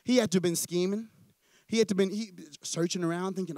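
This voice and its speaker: A young male pastor with a high voice and fast delivery preaches a sermon in church, recorded with no room sound. He tells stories casually and animatedly, acting out the quoted characters and often restarting and repeating words.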